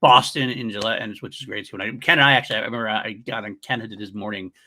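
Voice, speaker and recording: A man's voice: on the low side, fairly even intonation, fast talker, bright, forceful tone, slight background noise. A man co-hosting a casual podcast over a remote recording setup, chatty and rambling, laughing often between his points. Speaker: podcast co-host. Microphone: remote recording over an online studio.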